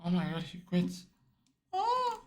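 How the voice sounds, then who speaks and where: A man's voice: high-pitched, normal speed, fairly bright tone, roomy sound. A man live-streaming in a brash, boastful, profane way, tired out. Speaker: livestreamer. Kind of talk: casual live-stream chat.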